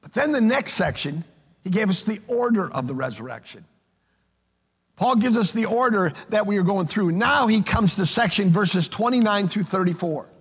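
A man's voice: high-pitched, animated, moderate pace, breathy edge. A pastor preaching an emphatic sermon, often repeating words as he starts a phrase. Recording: long reverb of a large hall.

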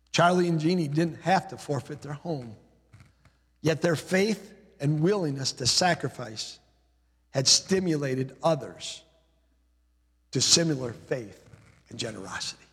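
A man's voice: on the high side, expressive, a little slow, long pauses, slightly rough, big-room sound. A male pastor preaching a sermon, emphatic, building his points through rhythmic repeated lists.

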